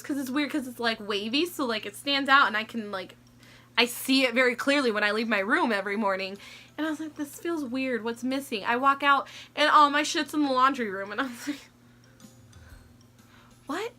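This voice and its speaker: Bright high-voiced young woman storyteller. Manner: animated, laughing, lots of "like". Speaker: vlogger. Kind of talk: casual storytelling.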